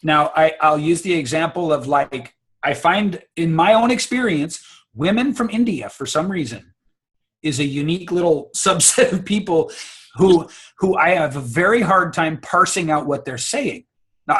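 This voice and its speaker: Male speaking coach, emphatic, slightly higher voice, on a call. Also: fairly bright tone. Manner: confident, emphatic, repeats words. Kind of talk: casual advice on a video call.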